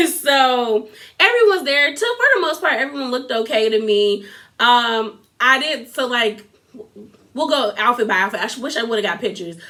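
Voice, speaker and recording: A woman's voice: on the high side, bright, forceful tone. A young woman chatting casually as she recaps a reality TV episode, full of filler words. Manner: chatty, lots of filler "like", quotes people in a put-on voice.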